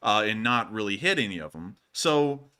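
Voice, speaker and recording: A man's voice: lowish voice, animated, moderate pace, bright, forceful tone, clear, resonant tone. A man hosting a live news stream, answering viewer questions in a chatty, joking way, a little sleepy and yawning. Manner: chatty and joking, laughs often. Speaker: war news stream host.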